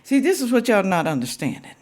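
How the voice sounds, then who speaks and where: A woman's voice: medium pitch, big pitch swings, quick pace, darkish tone. An older woman talking casually to her viewers, emphatic and full of rhetorical questions. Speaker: reaction vlogger.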